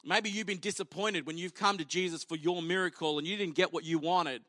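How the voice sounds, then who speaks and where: With a bright, forceful voice pitched a bit high, this pastor delivers his sermon fairly quickly, turning it into animated, humorous storytelling where he plays every character. There's no room sound at all; the audio is dry and close.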